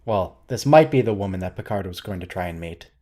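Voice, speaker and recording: A man's voice: deep voice, expressive, brisk, dark tone. A man hosting a watch-along, giving casual, wry, quizzical commentary and thinking aloud.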